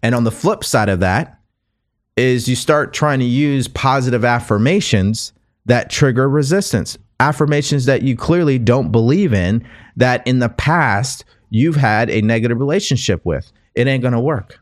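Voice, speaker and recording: A man's voice: medium pitch, animated, normal speed. A man hosting a podcast, giving a conversational motivational talk as a coach, earnest and repeating phrases as he goes. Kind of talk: motivational monologue.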